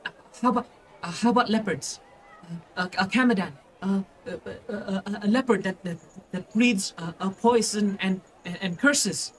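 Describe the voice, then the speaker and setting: A man's voice: high-pitched, moderate pace, fairly bright tone, a little hiss or hum, pitched above the performer's own voice, rough recording. A man voicing a small, timid boy in a beak mask who pleads and stammers. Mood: stammering.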